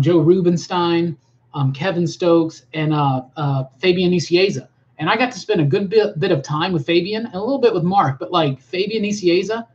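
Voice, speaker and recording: A fairly high-voiced man chats eagerly through a live stream, piling on "um"s and "like"s as he answers viewers. He sounds excited and a bit scattered. The audio is dull and lo-fi. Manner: rambling, enthusiastic, lots of fillers. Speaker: live-stream host reading chat. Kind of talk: casual live-stream chat.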